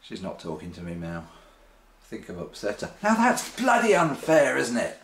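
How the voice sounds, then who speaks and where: A man talks to the camera in his kitchen in a wry, meandering monologue, hesitating often with ums and restarts. His lowish voice swings hugely in pitch at a normal speed, and the kitchen gives the recording a roomy echo.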